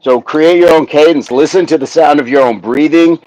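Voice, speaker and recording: A man hosting a live workout stream, counting reps aloud in steady pairs and joking with the viewers who are following along. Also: on the high side, moderate pace, highs cut off, background noise.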